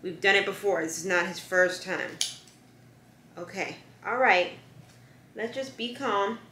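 A woman's voice: mid-range voice, measured pace, slight background noise. Chatty young woman vlogging at home. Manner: chatty, coaxing softly with her dog. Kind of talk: casual chat to camera. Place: home room. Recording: echoey room.

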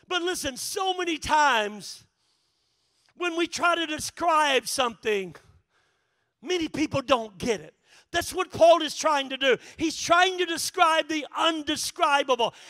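A middle-aged man, a pastor, preaching a sermon with emphatic, shouted emphasis and acted-out dialogue. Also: very high voice. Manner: acts out imagined dialogue with repeated phrases.

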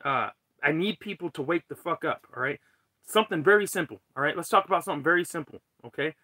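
Guy ranting on a live vlog from his tent, sharp bright voice, swearing nonstop, fed up. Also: fairly high pitch, no room sound. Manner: heated, profane, ranting. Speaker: cannabis vlogger. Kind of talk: live-stream rant. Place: tent under a carport.

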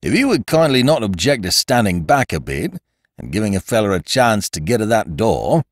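A man voicing a stolid, severe male village constable who speaks bluntly and gruffly. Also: lowish voice, sing-song, normal speed, no echo, clean studio sound, pitched above the performer's own voice. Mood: insistent.

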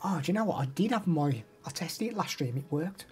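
A man's voice: a little high, expressive, a little fast, a little mellow, husky, faint music behind. A young man chatting casually on a live stream, rambling and answering chat messages.

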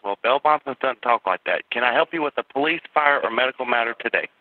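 A man's voice: medium pitch, quick pace, no room sound. A man working as a police dispatcher, curt and exasperated with the caller. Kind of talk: phone call. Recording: tinny phone line.

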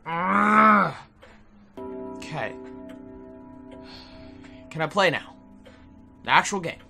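A woman's voice: lowish voice, expressive, drawn-out words, creaky, bright, forceful tone, faint music behind, rough recording. A young adult woman giving let's play commentary, frustrated and exclaiming often. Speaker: gaming video host.

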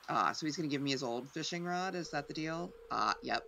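A woman gives casual, excitable commentary while she plays a game. She is chatty and quick to poke fun at herself. Her voice has a gravelly edge, and her pitch swings widely. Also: slight background noise. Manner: chatty, self-deprecating, excitable. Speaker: streamer.

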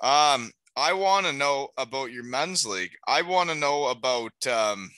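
A man's voice: mid-range voice, animated, measured pace, sharp tone, no room sound. A man hosting a podcast, teasing his guest with joking banter. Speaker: podcast host. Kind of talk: casual chat.

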